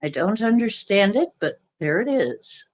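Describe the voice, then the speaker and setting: A woman's voice: mid-range voice, sing-song, a little slow. A woman hosting a casual livestream of readings, joking playfully and giggling to herself as she greets viewers. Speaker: livestream host giving readings.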